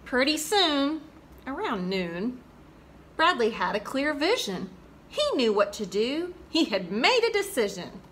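A woman hosting a children's program and reading a rhyming picture book aloud with an expressive, rhythmic delivery. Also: high voice, a little slow, background noise. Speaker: children's storyteller host.

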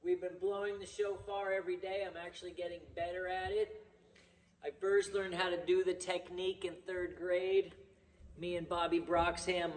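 A man's voice: a little high, a little mellow, slight background noise. A man from California hosting a casual, rambling Bible teaching session and swearing freely. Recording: echoey room, mic far off.

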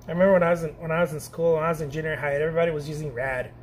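Brief: middle-aged man, high-pitched, hyped and slangy, chatting loosely while he paints in his studio. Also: very fast, slight background noise. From Mexico. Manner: excitable and slangy, laughs often, repeats himself. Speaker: painting instructor. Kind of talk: casual chat while painting.

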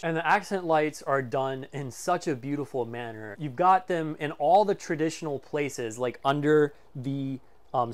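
A man casually presenting a walkthrough of a motorhome for sale, enthusiastic and full of fillers like "um" and "like". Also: medium pitch. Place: inside a motorhome.

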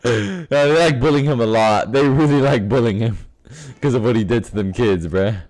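A man giving loud, excitable gameplay commentary, yelling and cursing as he plays. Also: medium pitch, moderate pace. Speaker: gaming streamer.

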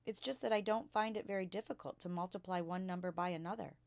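A quiet, sensible little girl, voiced by a woman reading aloud, answering softly and truthfully. The voice sits a little low and sounds close and dry. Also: quick pace, vocal fry, dry recording.

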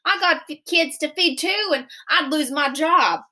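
A woman voicing a stern adult male police boss, with a gruff, warning delivery. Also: high voice, unhurried, bright, forceful tone.

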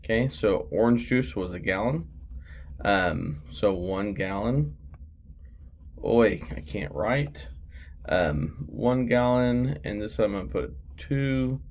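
A male teacher talks through math problems at an unhurried pace, with a gravelly edge to his voice. He rambles and makes fun of himself, with plenty of ums. It sounds like a casual lesson recorded at his computer. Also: fairly low pitch, expressive, darkish tone. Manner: rambling, self-deprecating, filler-heavy. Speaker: sixth grade math teacher.

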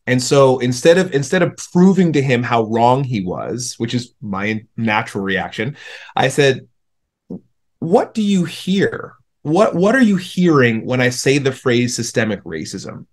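A man's voice: mid-range voice, a little slow. A young man, a podcast guest, telling stories in casual conversation and acting out the people he quotes. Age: young adult. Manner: storytelling, animated when quoting others.

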